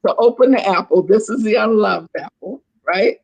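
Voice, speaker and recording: An older woman, a guest on a video call, telling stories in a chatty, animated way and often restarting her sentences. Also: medium pitch, normal speed, creaky, husky, highs cut off. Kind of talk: casual storytelling on a video call.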